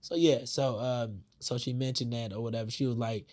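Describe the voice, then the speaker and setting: A man's voice: medium pitch, fairly even intonation, brisk, a little mellow. A man hosting a podcast, giving heated, profane commentary with lots of fillers. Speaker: podcast host. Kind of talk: casual opinion commentary.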